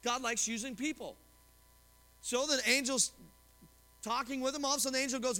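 High-voiced bright preacher in a reverberant hall. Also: male voice, fairly even intonation, fairly quick, pauses often. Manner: asks the congregation questions and retells stories with quoted voices. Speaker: pastor. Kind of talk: sermon. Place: church sanctuary.

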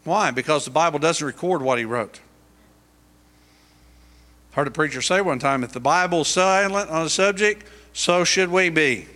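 A man's voice: a little high, moderate pace, pushed and bright. A middle-aged male pastor preaching a sermon, pressing his points with rising, emphatic questions.

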